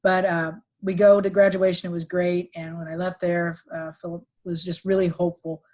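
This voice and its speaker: A middle-aged woman recounting a painful family story on a podcast, with halting restarts and fillers, sometimes quoting others in livelier voices. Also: on the low side, little pitch movement, darkish tone. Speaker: podcast guest, executive recruiter. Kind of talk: emotional personal storytelling.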